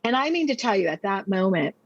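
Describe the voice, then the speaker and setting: American woman pastor, testimony storyteller, expressive and vivid, middle pitch, dull dry recording. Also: fast talker, breathy edge, dry recording. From United States. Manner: vivid and expressive, acting out her own past words with brief laughs. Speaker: podcast guest, pastor and speaker.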